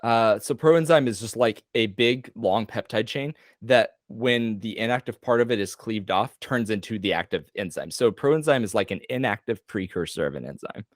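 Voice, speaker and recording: A man tutoring a student on a video call, explaining loosely with casual slang and quick self-corrections. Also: lowish voice, no echo, studio quality. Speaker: medical tutor.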